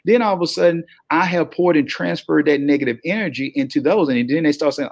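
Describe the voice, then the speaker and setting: A man with a heavy Southern drawl, a podcast guest speaking in an energetic, motivational, preacher-like cadence. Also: a little high, quick pace, hardly any pauses, no room sound, studio quality. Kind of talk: motivational interview talk.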